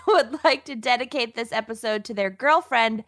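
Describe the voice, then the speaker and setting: A woman's voice: fairly high pitch, moderate pace, a bit bright, no echo, clean studio sound. A woman hosting a podcast, joking and chatting casually with friends. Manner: playful, joking. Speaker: podcast host. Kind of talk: casual chat.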